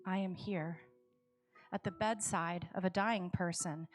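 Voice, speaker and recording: A woman telling a story in a worship service, measured and calm, repeating refrains. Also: fairly low pitch, faint music behind. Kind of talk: storytelling sermon.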